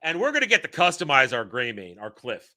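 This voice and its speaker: A man hosting a live stream, commenting on a game trailer in an animated way and jokingly swearing at his chat. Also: mid-range voice, a little fast. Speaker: streamer host.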